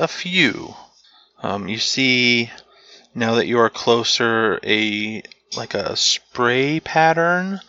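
A man narrating as game master of a tabletop game, unhurried and searching aloud for the right words. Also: medium pitch, bright, forceful tone, muffled recording.

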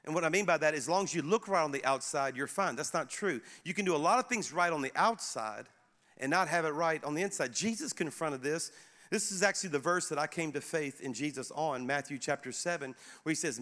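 A middle-aged male pastor preaching a sermon in a conversational, animated way, speaking directly to his congregation. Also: a little high, brisk. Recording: echoey hall.

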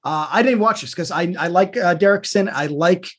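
A husky-voiced co-host chatting casually, lively and quick to act out little quotes. The talk often stumbles into stammering restarts before rushing on. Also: medium pitch. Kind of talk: casual chat.

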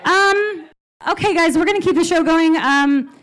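A woman hosting a comedy show, loudly hyping the acts with crude banter. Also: very high voice, normal speed. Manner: loud, hyped, crude banter. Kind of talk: emceeing.

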